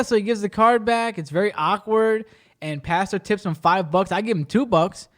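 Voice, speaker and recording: The man's voice sits high and his pace is moderate as he hosts a podcast. He narrates a story casually, animatedly impersonating the other people in it.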